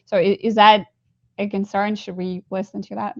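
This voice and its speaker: A woman's voice: medium pitch, little pitch movement, normal speed, vocal fry. A woman moderating a panel discussion over a video call, talking casually with many fillers and posing questions. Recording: dull lo-fi audio.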